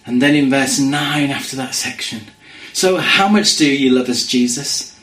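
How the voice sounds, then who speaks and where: A man preaching a sermon in an earnest way, dropping to a hush when he quotes scripture. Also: medium pitch, measured pace, echoey room, poor audio. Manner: earnest, drops to hushed quoting of scripture.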